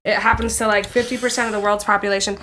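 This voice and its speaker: A woman's voice: medium pitch, little pitch movement, quick pace, sharp tone, faint music behind. A woman on a casual podcast, chatty and swearing casually, with lots of filler words. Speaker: podcast co-host.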